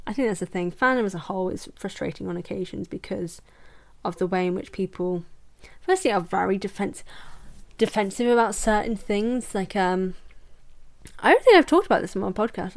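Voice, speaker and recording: A young woman hosting a casual book review podcast, chatty and jokey, often breaking into laughter. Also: medium pitch. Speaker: podcast host.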